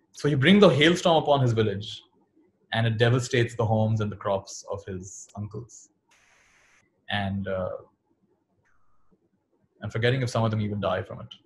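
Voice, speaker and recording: A man telling a dharma story to young listeners, his voice rising high and dropping low as he acts out each character's lines. He laughs softly at the funny turns and speaks in a warm, easy storytelling way. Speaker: monk giving a dharma talk.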